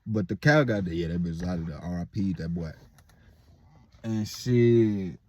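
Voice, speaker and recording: A man's voice: low-pitched, lively intonation, a little slow, warm tone. Rambling young man telling a story. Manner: rambling, heavy profanity and filler words. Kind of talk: casual spoken storytelling.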